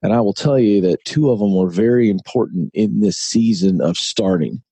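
A man's voice: fairly low pitch, moderate pace, warm tone, breathy edge, no echo. A middle-aged man, an author and broadcaster, speaking earnestly in an interview and telling stories with emphatic repetition. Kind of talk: conversational interview.

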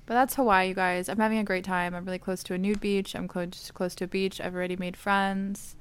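Young woman host, smooth clear voice, animated storyteller, laughs a lot. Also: mid-range voice, a little fast. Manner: animated storytelling, laughs often, quotes others. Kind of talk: casual chat.

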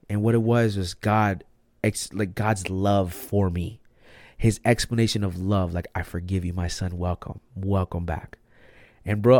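Young male podcast host, low-pitched, dry close sound, slangy, shifts from hushed to fired up. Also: no room sound. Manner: slangy and emphatic, says "bro" and "like" a lot; swings from hushed to loud and excited. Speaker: podcast host sharing his testimony. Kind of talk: casual personal testimony.

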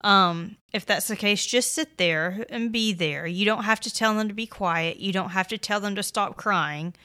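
A woman in her thirties hosts a parenting podcast, offering casual, reassuring advice in a conversational way, full of fillers like "you know" and "like." Her voice is medium-pitched with a sharp tone, and she speaks at a normal speed.

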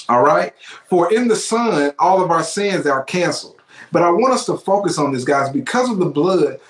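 Fervent preacher in an echoey room. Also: male voice, sits high. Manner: fervent, repeats phrases, exclaims. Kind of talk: sermon.

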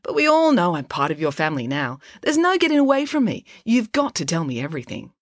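A bossy, self-assured girl, voiced by a woman reading aloud speaks high and bright with a sweeping, lively pitch. She sounds smug and persuasive, close to the mic in a dry room. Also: no echo. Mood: insistent. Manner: smug, persuasive, fast-talking. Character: bossy know-it-all girl, very confident.

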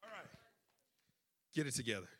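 A man preaching a sermon, emotional and personal, building to shouted fervor. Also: medium pitch, big pitch swings, moderate pace, husky.

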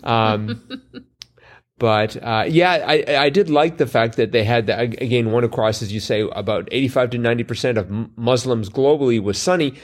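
A man's voice: medium pitch, moderate pace. A man co-hosting a crossword podcast, chatting casually with wry puns and many fillers. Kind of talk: casual chat.

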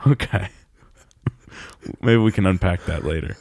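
Gravelly man teasing his co-host. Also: sits low, takes it slowly, a little mellow, no room sound, studio quality. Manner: teasing, persistent, laughs often. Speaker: podcast co-host. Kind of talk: casual banter.

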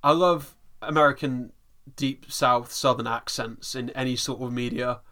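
A man co-hosting a casual podcast. He talks in a chatty, rambling way full of fillers, with a bright, forward tone. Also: mid-range voice, fairly even intonation, normal speed. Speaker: podcast co-host. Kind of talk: casual chat.

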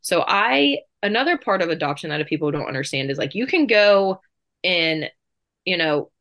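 A woman in her thirties telling her story as an interview guest, chatty and quick, with many fillers. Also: fairly low pitch, animated, fairly bright tone. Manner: chatty, fast bursts, lots of fillers.

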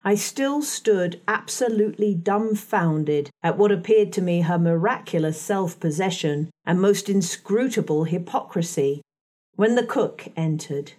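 A woman reading a classic novel aloud in a measured, expressive first-person narration. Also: on the low side. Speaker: audiobook narrator.

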